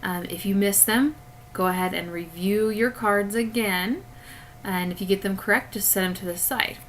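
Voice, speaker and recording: A woman's voice: mid-range voice, normal speed, a little hiss or hum, low-quality recording. A woman teacher giving a recorded spelling lesson to children, patiently explaining each step through a webcam.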